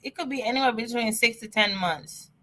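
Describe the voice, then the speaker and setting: A woman answering immigration questions on a live stream, chatty and excitable, often repeating herself. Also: fairly high pitch, fairly quick. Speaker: immigration advisor.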